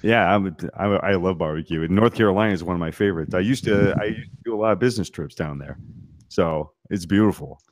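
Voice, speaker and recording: A man's voice: sits low, quick pace, no room sound. A man who is a podcast guest, chatting casually, laughing easily and giving short, stammered replies. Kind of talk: casual chat.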